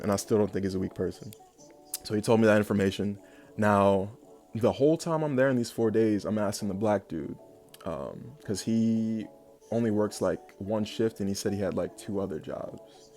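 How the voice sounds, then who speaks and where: A man's voice: fairly low pitch, darkish tone. A young man telling a long personal story in a casual, rambling way, full of fillers and bursts of laughter. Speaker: vlogger.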